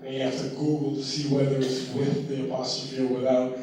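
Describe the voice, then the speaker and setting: A man's voice: mid-range voice, flat delivery, fairly quick, darkish tone. A man doing a stand-up comedy set on a live stage, telling a story loosely and with plenty of swearing, acting out his own reactions as he goes. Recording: distant, echoey live stage audio.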